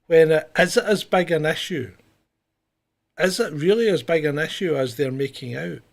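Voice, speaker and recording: Male co-host, opinionated and argumentative, slightly high voice. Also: normal speed, creaky. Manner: opinionated, ranting, questioning. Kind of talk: comedic news chat.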